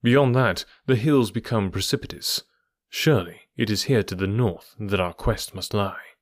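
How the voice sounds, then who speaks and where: A man voicing a calm male detective who explains his reasoning step by step. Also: on the low side, dry recording, close to an everyday voice. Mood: explaining. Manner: measured, methodical explaining.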